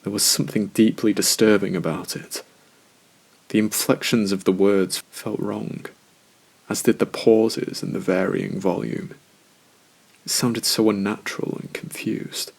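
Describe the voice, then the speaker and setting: A man narrating a first-person horror story in a slow, measured, scripted way. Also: on the low side, level tone, creaky, slightly rough.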